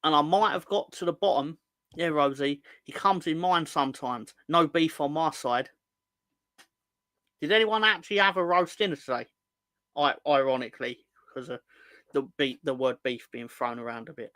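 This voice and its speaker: Speaking at normal speed in a bright, forceful voice on the high side, the young football fan show host is recorded dry. As he reads the chat on his livestream, he jokes around, rambles, and teases viewers casually.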